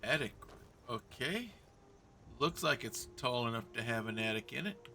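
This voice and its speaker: A Kentucky man delivers chatty let's-play commentary, role-playing as himself through a fantasy game while talking with viewers and the characters. His medium-pitched voice is expressive, pushed and bright, at a normal speed, with slight background noise.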